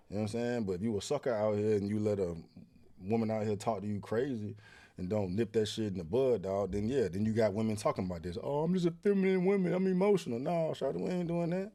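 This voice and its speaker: A man's voice: lowish voice, dark tone. A man hosting a reaction show, talking bluntly in heavy slang and profanity. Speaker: commentary host reacting to clips. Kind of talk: casual reaction commentary.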